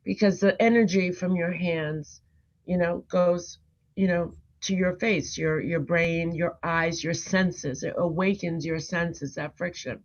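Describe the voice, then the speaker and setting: A woman's voice: fairly low pitch, steady tone, unhurried. A woman hosting a casual livestream, earnestly explaining a morning routine step by step. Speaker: livestream host. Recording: dull lo-fi sound.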